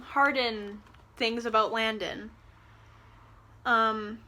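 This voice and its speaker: Sarcastic, bright-voiced woman ranting. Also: a little high, steady tone, extremely slow, pauses often. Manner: sarcastic, exasperated, profane. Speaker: book reviewer. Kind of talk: ranting book review.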